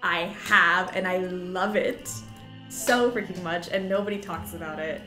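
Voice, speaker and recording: A chatty woman streamer reacting aloud to a detective game, giggling often and speaking at an unhurried, slow pace. Her voice rings in a noticeably echoey room, with game music clearly behind her. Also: lowish voice, fairly even intonation, sharp tone. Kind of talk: casual gameplay commentary.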